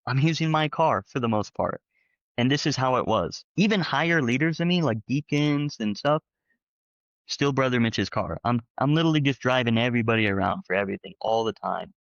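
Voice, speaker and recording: A man sharing his experiences in casual conversational storytelling, rambling and animated with lots of fillers. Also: mid-range voice, a little fast, no echo, dull audio. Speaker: panel guest, former church member.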